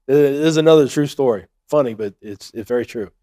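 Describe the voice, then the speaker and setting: With a warm, mid-range voice and a fairly quick delivery, a man tells a funny story from his own life. He's chatty and joking, often checking in with listeners and repeatedly saying "right."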